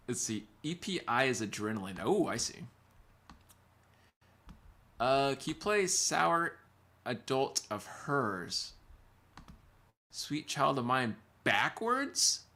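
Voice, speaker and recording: A man's voice: mid-range voice, pushed and bright. A man, a guitar teacher, chatting casually on a livestream and reading viewer comments, rambling and laughing easily.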